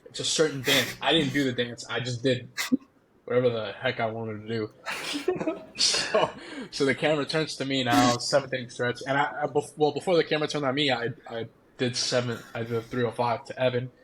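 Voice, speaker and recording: A man's voice: mid-range voice, a little fast, a bit bright, a little hiss or hum. A young man, a former college baseball player, animatedly telling a story as a podcast guest, often laughing. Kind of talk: casual storytelling.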